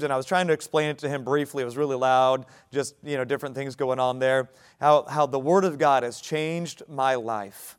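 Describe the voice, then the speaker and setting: A young male pastor delivering a sermon in a conversational way that climbs to forceful emphasis. His voice is smooth and resonant, sitting at an ordinary middle pitch. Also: steady tone, normal speed. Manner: conversational preaching, rising to emphatic points.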